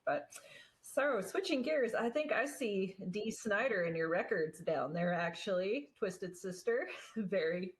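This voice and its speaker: A woman's voice: medium pitch, lively intonation, measured pace, slight background noise. A woman hosting a casual interview, asking questions in a chatty way with fillers. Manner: chatty, asks with many fillers. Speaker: interviewer host.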